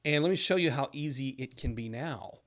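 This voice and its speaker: A man hosting a trading channel, giving an upbeat, persuasive recorded lesson that shifts into a sales pitch. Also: animated, a little fast. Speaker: trading educator and channel host. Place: lives in a southern US city.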